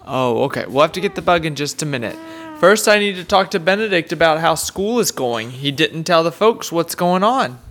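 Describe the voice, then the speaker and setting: A woman in her thirties hosts a casual family podcast, gently quizzing and praising her young son like a teacher. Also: low-pitched, expressive, normal speed. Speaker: podcast host and homeschooling mother.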